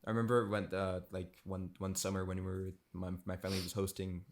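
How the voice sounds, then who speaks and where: A man's voice: sits low, little pitch movement, brisk. A young man co-hosting a casual podcast, rambling and restarting his sentences. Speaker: podcast co-host. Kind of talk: casual chat.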